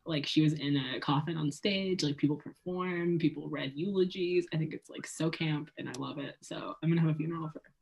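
A woman's voice: sits low, fairly quick, vocal fry, few pauses, a little mellow, breathy edge, low-quality recording. A woman in her twenties co-hosting a podcast, chatty, jokey and often laughing. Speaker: podcast co-host. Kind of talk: casual chat. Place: lives in France.

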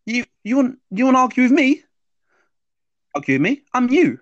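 A man voicing a taunting male inner voice of fear that mocks and climbs into a shrill pitch. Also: sing-song, moderate pace, dry recording, highs cut off. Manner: mocking, rising to a shrill pitch.

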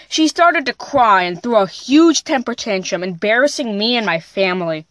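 A woman hosting her own podcast tells a personal story in a plain, unpolished way, occasionally restarting. Her voice is a little high and fairly bright, with lively intonation, a moderate pace, hardly any pauses, and no room sound.

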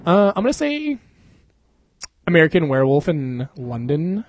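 A man's voice: a little high, huge pitch swings, moderate pace. A young man co-hosting a podcast in casual chat, rambling, slangy and laughing often. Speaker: podcast co-host.

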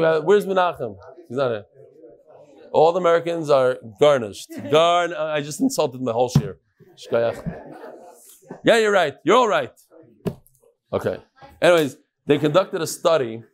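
A man leads a Talmud class in a brisk, good-humored lecture. His voice sits slightly high, and he drops into sing-song chanting for quoted lines. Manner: joking, animated, chants phrases. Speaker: Talmud teacher.

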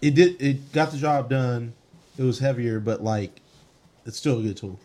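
A man's voice: mid-range voice, moderate pace, warm tone. A young man co-hosting a podcast, chatting loosely in slangy banter that keeps breaking into laughter. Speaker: podcast co-host. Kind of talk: casual chat.

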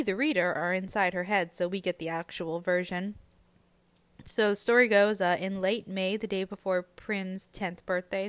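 Smooth-voiced woman chatting about a book. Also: mid-range voice, no echo. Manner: chatty, conversational, frequent "uh" and "like". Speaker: book podcast host. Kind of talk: casual book recap podcast.

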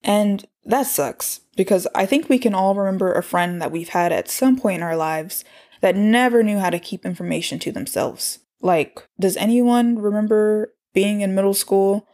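A woman's voice: mid-range voice, moderate pace, warm tone. A woman chattily recapping a cartoon episode, with exasperated asides. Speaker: show recapper. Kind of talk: casual recap and commentary.

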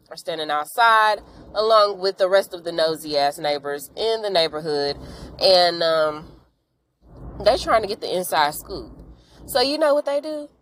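A young adult woman hosting a podcast, casually recapping an episode with frank, slangy asides and quick acted-out character lines. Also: mid-range voice, a bit bright, slight background noise, rough recording. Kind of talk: casual chat.

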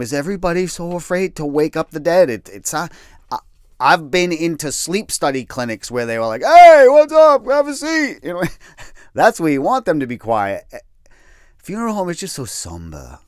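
A man's voice: lowish voice, dry recording, studio quality. Wry, candid man telling a personal story. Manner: candid, wry, self-deprecating, swears casually. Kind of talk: personal storytelling, darkly comic.

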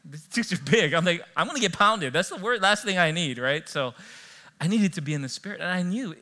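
A middle-aged pastor preaches in a quick, bright voice that sits a little high for a man. He talks to the congregation in an animated, conversational way, full of stories and asides. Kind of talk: sermon. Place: church.

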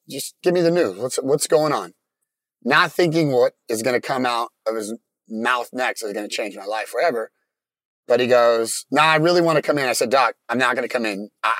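A man telling his own story in plain, halting casual talk, often restarting his sentences. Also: mid-range voice, a bit bright, no room sound.

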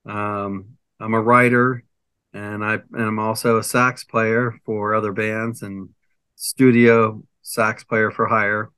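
A man's voice: fairly low pitch, little pitch movement, slow, bright, forceful tone, smooth, no room sound. An older man, a comedian guest, chatting casually in an interview with a rambling, hesitant manner. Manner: rambling, hesitant, lists things with many fillers.

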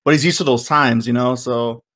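A man's voice: mid-range voice, steady tone, moderate pace, a bit bright. A man co-hosting a casual wrestling podcast, rambling with plenty of fillers. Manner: rambling, many fillers like "like" and "you know". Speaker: podcast co-host.

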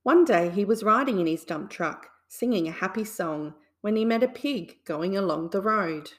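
A woman reading a children's bedtime story aloud in a soothing, deliberate way. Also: medium pitch, animated.

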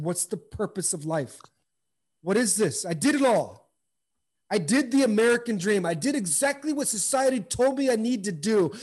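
Earnest high-voiced man telling his story. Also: a little mellow. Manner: earnest, impassioned, repeats phrases for emphasis. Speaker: guest, former pro baseball player. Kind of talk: candid interview storytelling.

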